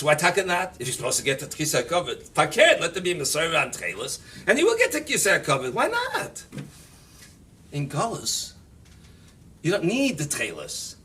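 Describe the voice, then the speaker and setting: A man giving an animated, emphatic Torah talk on the weekly portion as a rabbi, sprinkling in Yiddish and Hebrew terms. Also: high-pitched, recorded from a distance.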